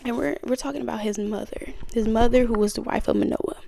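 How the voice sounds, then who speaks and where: Her voice sits on the high side, creaky and dark in tone, delivered fast with fairly even intonation. On the podcast she hosts, she talks through her testimony and Bible study in a relaxed, conversational manner.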